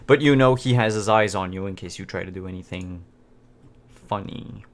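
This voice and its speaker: A man narrating as game master of an online tabletop game, relaxed with fillers and restarts. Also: sits low, normal speed. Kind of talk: narrating a tabletop game over a video call.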